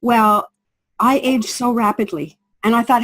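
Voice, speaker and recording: Husky woman telling a sales story. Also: on the high side, unhurried, poor audio. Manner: animated storyteller acting out quoted voices. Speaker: product presenter.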